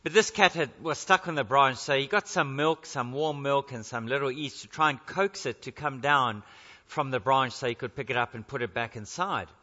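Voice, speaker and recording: A man's voice: medium pitch, pushed and bright, big-room sound, dull audio. A man preaching a sermon, telling a story and then building to earnest emphasis.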